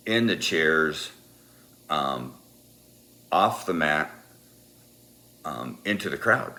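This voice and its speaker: A man telling a personal story in a rambling, halting, self-deprecating way. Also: a bass voice, gravelly, bright, forceful tone.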